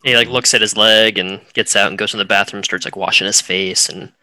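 A man with a mid-pitched, bright voice chats bluntly about a film, swearing freely. The recording is dry and close. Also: steady tone, fairly quick, dry recording. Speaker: podcast co-host. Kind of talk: casual chat.

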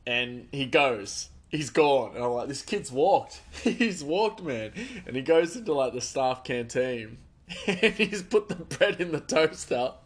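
A man's voice: mid-range voice, very animated, a little slow. A man who works as a chef hosts a podcast, telling rambling anecdotes in casual chat and laughing often.

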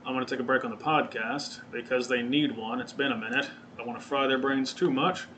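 A man's voice: mid-range voice, fairly even intonation, brisk, bright, forceful tone, slight background noise. A man hosting his own podcast, chatting casually in a rambling, profane way and often correcting himself. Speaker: podcast host. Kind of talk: casual solo podcast chat. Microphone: webcam or desk mic, seen on video.

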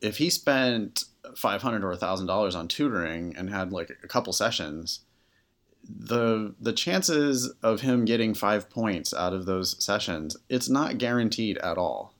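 A man's voice: lowish voice, animated, a little slow, a bit bright. A man co-hosting a podcast as a test-prep tutor, talking candidly and animatedly with plenty of filler words. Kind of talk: casual podcast conversation.

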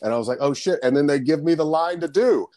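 A man with a slightly high, mellow voice talks at a quick pace, with no echo. He's a podcast guest, a comedian and background actor who lives in Florida, telling casual stories. He rambles, swears and laughs often.

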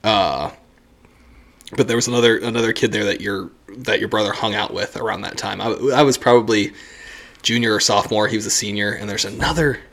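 A man's voice: fairly low pitch, fairly quick, creaky. A young man co-hosting a podcast, chatting casually and telling stories, laughing often. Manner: laughs often, animated storytelling. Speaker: podcast host.

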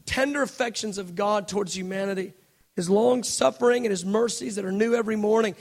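A male preacher delivers a passionate sermon. His voice sits very high for a man. He moves between soft, hushed passages and loud, shouted emphasis. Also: brisk, creaky.

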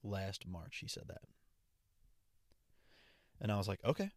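A young man hosts his own podcast alone, rambling casually in a stream of consciousness into a portable travel mic. His deep voice has a sing-song lilt, a measured pace and a darkish tone. The recording is dry and studio quality.

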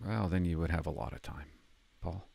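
An older man hosting his own video channel, talking casually in a rambling, self-conscious, halting way. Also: low-pitched, gravelly, a little mellow, no room sound. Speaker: channel host. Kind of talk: casual vlog chat.

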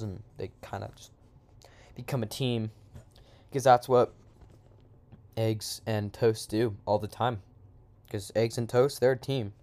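A man's voice: on the low side, a little mellow. A man improvising a silly comic story in a rambling, slangy way, with lots of asides.

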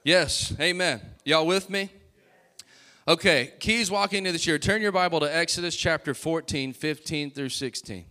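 A man preaching a sermon as pastor, calling out to the congregation and building to loud, emphatic bursts. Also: fairly high pitch, normal speed.

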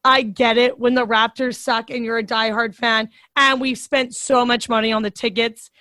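A young woman tells stories in casual chat, her voice high and bright. She talks animatedly, laughs often and swears freely. The sound is close and dry, with no room around it. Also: flat delivery, normal speed, dry recording.

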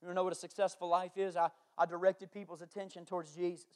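High-voiced man preaching with emphatic delivery. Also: level tone, fast. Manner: emphatic preaching, moving between loud declarations and quiet storytelling. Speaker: pastor. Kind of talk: sermon. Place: church.

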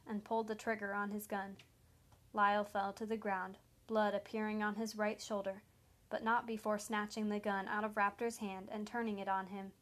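A woman narrating a story in a steady, even manner. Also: medium pitch.

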